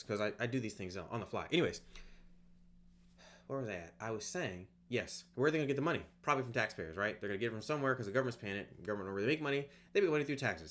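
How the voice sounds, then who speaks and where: With a medium-pitched, fairly bright voice, this course creator talks off the cuff from his home, next to a bed. He rambles conversationally and keeps dropping in "right?"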